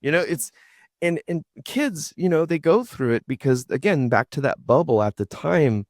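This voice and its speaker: A man's voice: fairly high pitch, lively intonation, moderate pace, a little mellow, no room sound, clean studio sound. A man hosting a talk show, asking long earnest questions and rambling with slangy asides. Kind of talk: casual interview talk.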